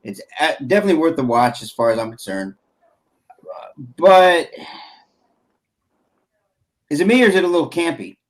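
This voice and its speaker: A man's voice: a little high, very animated, very fast, few pauses. A man co-hosting a casual group stream, teasing and ribbing the others. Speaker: podcast co-host.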